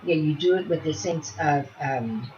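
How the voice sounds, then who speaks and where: A woman who teaches early childhood education, talking through a demonstration and chatting softly to pretend infants as she goes. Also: sits low, unhurried, muffled recording, a little hiss or hum.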